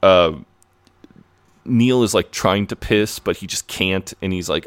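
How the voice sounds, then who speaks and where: Deep-voiced man recapping a show. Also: fairly even intonation, unhurried, clean tone. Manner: acts out characters' lines while retelling. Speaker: podcast co-host. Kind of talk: casual recap of a TV episode.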